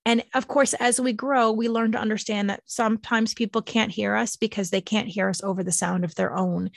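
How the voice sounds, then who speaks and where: A woman gently reflecting on healing and self-compassion, slow and tender, emotional and near tears. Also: medium pitch, steady tone, gravelly, no room sound, clean studio sound. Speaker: speaker sharing personal healing. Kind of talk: reflective personal talk.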